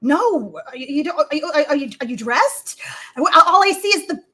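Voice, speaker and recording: A woman's voice: high voice, animated, moderate pace, pushed and bright. A woman telling rambling, foul-mouthed stories in a casual comedic chat and acting out what others said.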